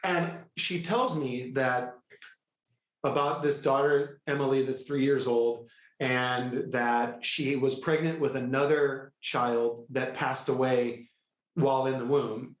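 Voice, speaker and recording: A middle-aged man telling a personal story with excitable, animated energy, often breaking into quoted dialogue. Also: medium pitch, takes it slowly. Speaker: guest, healer. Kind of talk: storytelling in a conversational interview. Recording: echoey room.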